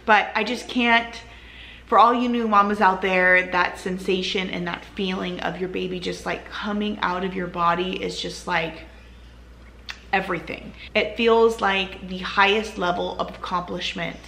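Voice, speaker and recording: A woman's voice: mid-range voice, fairly even intonation, unhurried, creaky, bright, forceful tone, reverberant, slight background noise. A woman vlogger casually telling her own story to camera, chatty and full of "like" and "you know".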